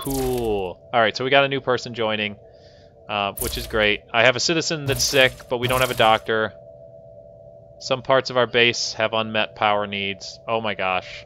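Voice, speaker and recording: A man's voice: mid-range voice, moderate pace, pushed and bright, a little hiss or hum. A man streaming a colony-building game, commenting live and scolding his characters in exasperated outbursts. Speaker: gaming host.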